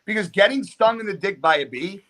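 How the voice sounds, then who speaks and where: A man telling a story on a podcast, animated and rambling, with lots of swearing. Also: high-pitched, brisk. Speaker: podcast guest. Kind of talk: casual storytelling.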